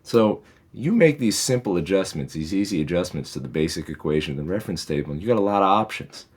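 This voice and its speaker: A man's voice: deep voice, lively intonation, fast, slightly rough. A man, a physics teacher, patiently and methodically walks through homework problems in a recorded lesson, with reassuring asides.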